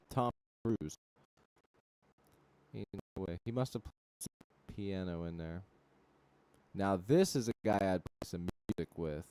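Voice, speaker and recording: A young man chats casually on his livestream in a low, smooth, mellow voice. He tells rambling, profane stories padded with fillers, and he reacts loudly and with disbelief to what chat says. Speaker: livestream host.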